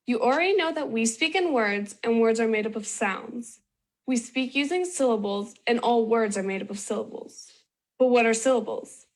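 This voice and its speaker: A woman presenting a children's phonics video in slow, clear, sing-song scripted narration. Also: fairly high pitch.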